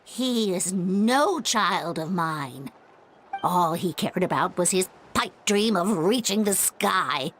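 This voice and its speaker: Bitter old grandma in a game, slow, cold, done with everyone. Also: female voice, fairly low pitch, expressive, fairly bright tone, slight background noise. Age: older. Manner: cold, clipped and resentful. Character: bitter old woman disowning her son.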